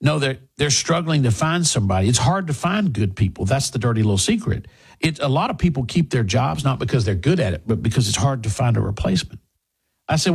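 A man's voice: medium pitch, lively intonation, a little fast, vocal fry, slightly rough. A middle-aged man hosting talk radio, delivering a combative opinion monologue full of rhetorical questions.

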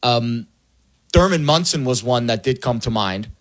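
A man on a sports talk panel, speaking haltingly, with frequent fillers and restarts. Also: mid-range voice, animated, fairly bright tone.

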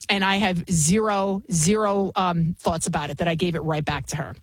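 Female talk-radio host in her forties with a breathy edge; heated, opinionated monologue. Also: fairly low pitch, steady tone, normal speed, no room sound, rough recording. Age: 40s. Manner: combative, ranting storytelling.

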